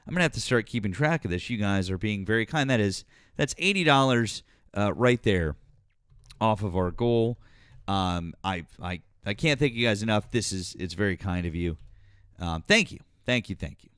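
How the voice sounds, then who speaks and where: A man's voice: fairly low pitch, lively intonation, moderate pace, clean tone, dry recording, studio quality. A man hosting a political livestream, thanking donors one by one, then turning blunt and profane with a caller. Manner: grateful shout-outs, blunt and profane when arguing. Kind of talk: casual livestream chat.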